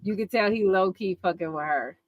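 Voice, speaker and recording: A woman's voice: mid-range voice, brisk, lo-fi sound, slight background noise. A woman co-hosting a reaction livestream, chatting casually in a blunt, slangy, emphatic way.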